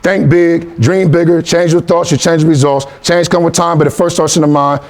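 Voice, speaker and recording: A man's voice: on the high side, steady tone, brisk, darkish tone. A man giving a motivational speech to a youth team, repeating phrases and leading call-and-response. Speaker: motivational speaker.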